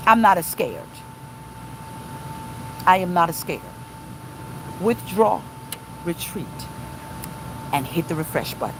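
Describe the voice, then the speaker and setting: A woman's voice: medium pitch, a little hiss or hum, low-quality recording. A woman pastor preaching an informal livestream sermon, emphatic and repeating her points to viewers. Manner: emphatic, repeats phrases, talks to live viewers.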